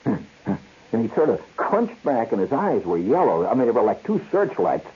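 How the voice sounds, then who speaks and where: A man hosting a radio show, telling a story in an animated way, acting out voices and sounds and laughing often. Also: mid-range voice, moderate pace, slightly rough. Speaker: radio host. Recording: dull lo-fi 1970s radio broadcast with hiss.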